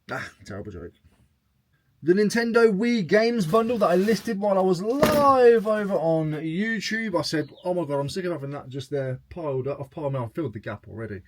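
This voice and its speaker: A man with a voice on the high side talks casually to camera, with a little hiss or hum in the recording. As a reselling vlogger, he cracks jokes while going through his sales.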